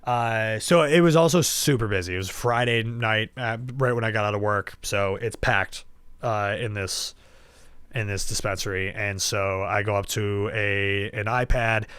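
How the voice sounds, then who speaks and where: Chatty man telling a story, smooth low voice. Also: a little slow, no echo. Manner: animated and self-deprecating, with many fillers. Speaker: podcast host. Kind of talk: casual solo storytelling.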